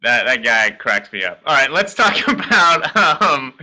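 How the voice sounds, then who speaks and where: Bright, loose-talking male podcast host. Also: medium pitch, big pitch swings, measured pace, rough recording. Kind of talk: casual podcast chat.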